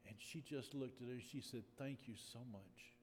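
A man pastor telling a personal story in a sermon, moving from relaxed storytelling to emphatic preaching. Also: medium pitch, normal speed. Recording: echoey hall with faint noise.

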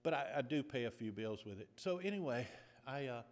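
Pastor, male, mid-pitched, earnest storytelling sermon, big hall reverb. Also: animated. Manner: earnest, deliberate preaching with repetition. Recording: long reverb of a large hall.

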